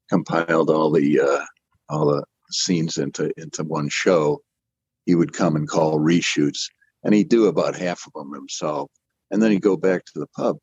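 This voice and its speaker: This older man has a deep, darkish, slightly rough voice, heard on a muffled recording with no room sound. An animator and interview guest, he tells the story of his career casually, wandering off track, downplaying himself and frequently starting sentences over.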